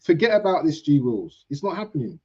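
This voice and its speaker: A man's voice: on the high side, big pitch swings, fast talker, a little mellow, husky. A man co-hosting a casual football livestream, laid-back and slangy. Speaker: co-host. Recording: dull, muffled remote audio.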